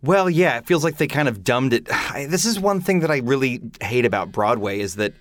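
A man chatting on a musical theatre podcast, animated and opinionated, full of "like" asides. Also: medium pitch, brisk, dry recording. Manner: animated, opinionated, many "like" fillers. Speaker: podcast panelist. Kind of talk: casual chat.

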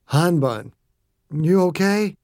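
A man's voice: on the high side, expressive, slow, a little mellow, no echo, studio quality. A man voicing a sleepy, easygoing father who speaks drowsily and soothingly. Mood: drowsy.

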